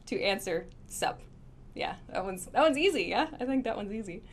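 A woman teaching casual English phrases in a relaxed live lesson, demonstrating pronunciation slowly and laughing often. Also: medium pitch, a little hiss or hum. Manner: slow, clear demonstrations with laughs.

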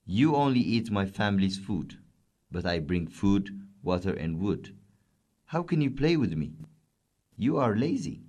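A man's voice: low voice, expressive, normal speed, a little mellow. A man voicing a hardworking, proud male camel in a children's storybook reading, speaking sternly. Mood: angry. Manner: stern, indignant.

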